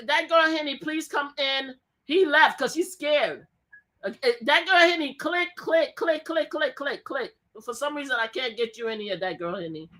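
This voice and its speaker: A woman livestream host with a high, bright, ringing voice. She talks loudly in a heated argument and hammers the same demands over and over. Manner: loud, repeats pleading commands.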